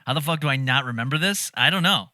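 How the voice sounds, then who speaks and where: Animated man laughing through a reaction. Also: medium pitch, fast, dry recording, studio quality. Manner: animated, laughs often, swears freely. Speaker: reaction video host. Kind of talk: casual reaction commentary.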